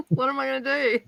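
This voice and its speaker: Bright, giggly woman. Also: sits high, creaky, no echo, poor audio. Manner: chatty, giggly, rambling. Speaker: livestream host. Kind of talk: casual chat.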